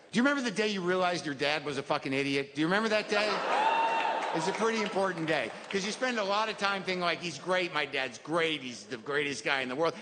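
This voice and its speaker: Neurotic, self-deprecating middle-aged comedian. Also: male voice, sits high. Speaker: stand-up comedian. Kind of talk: stand-up routine. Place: comedy venue stage. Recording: live hall reverb with audience.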